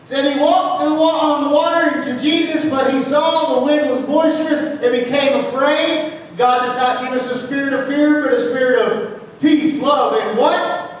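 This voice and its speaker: A man's voice: very high voice, steady tone, moderate pace. A man preaching a fervent sermon in church, throwing questions to his congregation as he goes. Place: church sanctuary. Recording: echoey church hall from far off.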